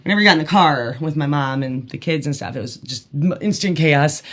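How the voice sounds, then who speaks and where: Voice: mid-range voice, brisk, a bit bright. A podcast host telling a candid personal story in a casual, rambling way, with many fillers and emphatic bursts.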